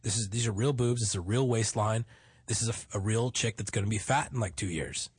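A man with a lowish, slightly husky voice trades crude, blunt banter as a podcast co-host. He swears easily and gets animated. The sound is dry and close. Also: brisk, no echo.

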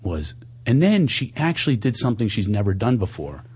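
A man candidly telling a personal story in conversation, animated, sometimes quoting himself in higher voices and dropping low and soft at tender moments. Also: brisk, husky.

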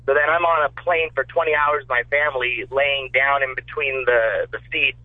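A man calling in to a talk show, telling a story in a loose, swearing, animated way. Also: medium pitch, normal speed, no echo. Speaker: caller. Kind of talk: casual call-in story. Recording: tinny phone line.

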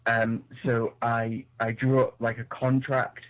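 A man's voice: mid-range voice, little pitch movement, takes it slowly, fairly bright tone, lo-fi sound. A British man calling in to a talk show, shy and giggly. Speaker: caller. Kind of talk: call-in chat.

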